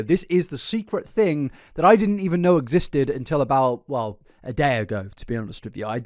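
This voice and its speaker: Guy doing youtube commentary, kinda high voice, all over the place pitch-wise, laughs a lot. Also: no room sound, clean studio sound. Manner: animated, laughing, stumbling restarts. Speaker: commentary host. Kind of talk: commentary narration.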